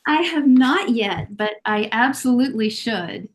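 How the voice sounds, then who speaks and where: A woman's voice: fairly high pitch, animated. Encouraging woman accent coach. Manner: warm, encouraging, measured advice. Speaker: accent coach and guest expert. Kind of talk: conversational interview answers.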